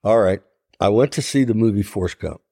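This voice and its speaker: An older man from Ohio, a songwriter guest, telling an animated anecdote in an interview and acting out the voices in it. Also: lowish voice, a little fast, creaky, no room sound, studio quality. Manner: animated anecdote telling, acts out quoted voices, laughs often. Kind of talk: storytelling interview.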